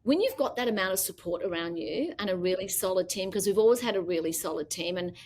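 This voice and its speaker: With a little hiss or hum in the recording, a middle-aged Australian businesswoman and founder chats fast in a mid-range voice as an interview guest. She tells her stories animatedly, casually acting out the quoted dialogue.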